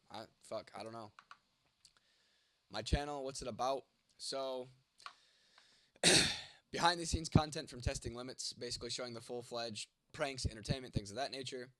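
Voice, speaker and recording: A man's voice: mid-range voice, sharp tone, no room sound. Man, late twenties, stuffy nose, fading voice, blunt, swears a lot, late-night stream chat, dry sound. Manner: blunt and heavily profane. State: congested, losing his voice. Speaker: content creator. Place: home at night.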